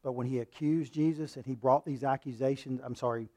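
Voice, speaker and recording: A male preacher delivering a sermon, reading scripture and swinging between loud, forceful passages and hushed ones. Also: medium pitch, steady tone, fairly quick. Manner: reads scripture aloud and acts out quoted lines.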